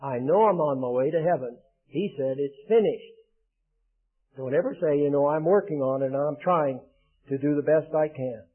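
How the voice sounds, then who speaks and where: An older man preaching a sermon in an earnest, emphatic way, building to loud declarations. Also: a little high, normal speed. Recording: tinny phone-like band.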